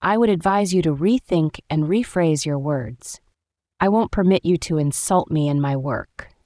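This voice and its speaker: A woman's voice: low voice, moderate pace, mellow, no room sound, close to an everyday voice. A woman voicing a strict young professional woman who speaks in a formal, clipped way, in a read-aloud story. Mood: stern.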